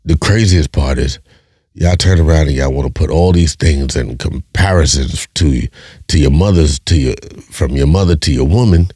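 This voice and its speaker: Deep raspy dude ranting on his podcast, lots of "right?" questions, dry mic. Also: moderate pace, warm tone, dry recording. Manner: blunt, profane, preachy; rhetorical questions, repeats himself. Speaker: podcast host. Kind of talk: casual monologue.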